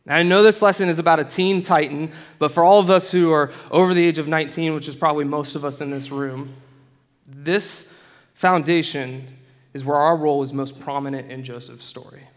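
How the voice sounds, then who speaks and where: Preacher in a reverberant hall. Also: male voice, on the high side, fairly even intonation, fairly quick. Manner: conversational storytelling with asides. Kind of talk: sermon.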